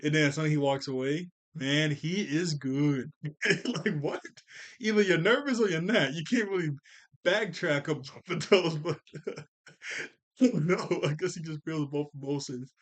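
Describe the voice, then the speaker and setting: Chatty man recapping a cartoon, slightly high. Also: a little slow. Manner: chatty, laughs often, corrects himself mid-sentence. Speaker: cartoon episode reviewer. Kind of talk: casual recap and commentary.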